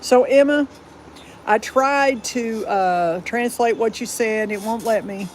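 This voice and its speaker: A woman's voice: on the high side, slow pace, rough recording. Southern woman, livestream host, rambling casual chat, faint background noise. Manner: chatty and rambling, firm about rude viewers.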